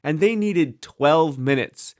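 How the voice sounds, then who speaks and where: A woman co-hosting a podcast in easy, casual chat. Her pitch swings widely as she talks, jumping from high to low. She jokes a lot and often breaks off her sentences. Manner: animated, quick to joke and trail off. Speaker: podcast co-host.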